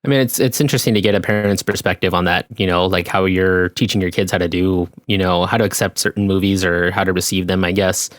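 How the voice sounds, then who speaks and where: A man's voice: deep voice, fairly even intonation, fast, hardly any pauses, dry recording, clean studio sound. A young man co-hosting a podcast, talking casually and thoughtfully with lots of "you know.". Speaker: podcast co-host. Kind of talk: casual conversational podcast chat.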